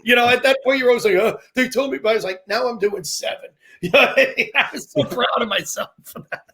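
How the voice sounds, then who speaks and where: A man, a comedian, telling rambling, animated stories in casual chat, laughing as he goes. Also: extremely high pitch, fast, breathy edge.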